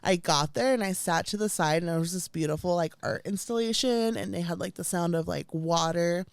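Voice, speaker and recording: A young woman co-hosting a casual podcast, telling an animated story full of "like"s and laughter. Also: fairly low pitch, a little fast, clear, resonant tone, no echo. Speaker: podcast co-host. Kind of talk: casual chat.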